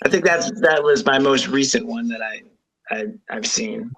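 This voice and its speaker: Bright, upbeat man from New England. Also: medium pitch, gravelly, rough recording. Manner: laughs often, upbeat and chatty. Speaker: guest band frontman. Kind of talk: casual chat.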